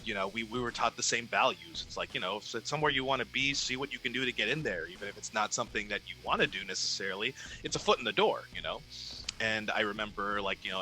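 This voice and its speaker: A young man, a ring announcer, telling a story casually in an interview and acting out the conversations he quotes. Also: on the low side. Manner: animated, acts out quoted exchanges.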